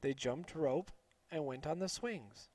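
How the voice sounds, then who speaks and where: A man's voice: on the high side, dry recording. Guy reading a simple storybook for english learners, very dry close sound. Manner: slow, clear, expressive.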